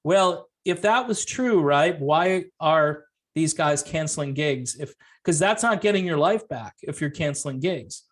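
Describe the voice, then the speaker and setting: A man's voice: on the high side, animated, a little slow, hardly any pauses. A man delivering a sarcastic opinion rant as a music commentary vlogger, full of rhetorical questions.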